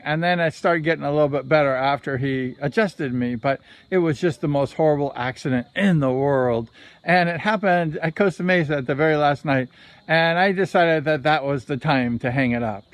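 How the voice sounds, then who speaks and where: Male former racer, casual vlog storyteller, slightly high-pitched, rambling and conversational. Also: moderate pace, dry recording. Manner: rambling, conversational, self-correcting. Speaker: former motorcycle speedway racer.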